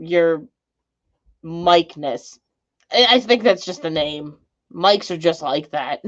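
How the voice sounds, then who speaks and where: Rambling woman streamer, lo-fi audio. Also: on the low side. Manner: rambling, joking, laughs often. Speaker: live streamer. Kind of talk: casual live-stream chat reading comments.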